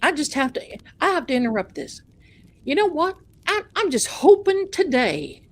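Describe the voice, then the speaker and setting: A woman voicing an excitable small male pastor, speaking in a gushing, drawn-out preacher manner. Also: on the high side, a little hiss or hum. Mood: fervent. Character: fervent, overexcited small male Southern-ish pastor.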